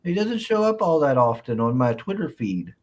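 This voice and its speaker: A man's voice: medium pitch, sing-song, normal speed, darkish tone. A man hosting a casual live chat show, reading viewer comments with playful mock indignation and frequent laughter. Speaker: host.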